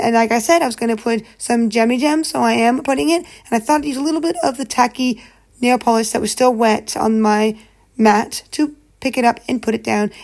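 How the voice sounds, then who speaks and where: A woman narrating her nail art tutorial in a bubbly, playful way, with drawn-out happy exclamations. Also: fairly high pitch, a little mellow, low-quality recording.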